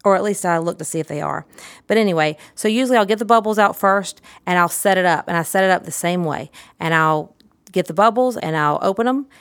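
A middle-aged woman, a pediatric therapist, giving an instructional talk in a lively, demonstrative, emphatic way. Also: lowish voice, fairly quick, smooth, dry recording, clean studio sound.

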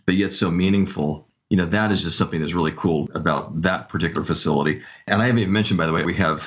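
A man's voice: deep voice, quick pace, muffled recording, a little hiss or hum. A man telling stories with enthusiasm as a guest in a casual interview. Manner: enthusiastic storyteller. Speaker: camp director guest.

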